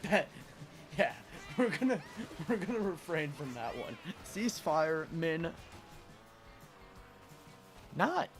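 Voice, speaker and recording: Animated, rambling man streamer. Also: fairly high pitch, unhurried. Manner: rambling, animated, laughs often. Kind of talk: casual live-stream chat with viewers. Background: game music.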